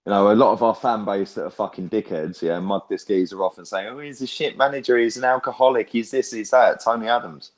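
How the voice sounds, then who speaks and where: Sweary, animated young man. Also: fairly low pitch, fast talker, few pauses. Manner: loud, sweary, animated ranting. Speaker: fan channel host. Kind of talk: heated casual fan chat.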